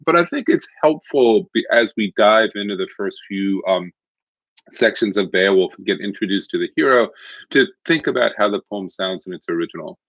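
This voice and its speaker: A man with a very low voice delivers a recorded literature lecture, explaining ideas step by step in a conversational way. The sound is dry and dull, like a lo-fi home recording with no echo.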